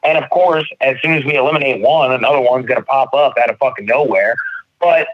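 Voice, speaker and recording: A man in his thirties, a podcast co-host, telling stories in casual chat, animated and swearing freely. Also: medium pitch, fairly quick. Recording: dull lo-fi sound.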